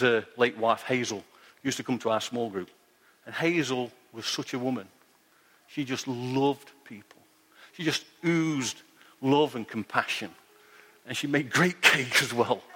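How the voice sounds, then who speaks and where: A man's voice: medium pitch, a bit bright, long reverb tail. A man pastor preaching a sermon, telling stories earnestly and repeating his key point.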